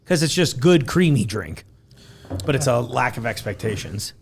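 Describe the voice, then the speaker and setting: A man's voice: mid-range voice, normal speed, creaky, crowd noise. A man hosting a casual podcast, taste-testing snacks with friends and joking around. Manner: jokey, animated, puts on silly voices. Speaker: podcast host. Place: indoors in a store.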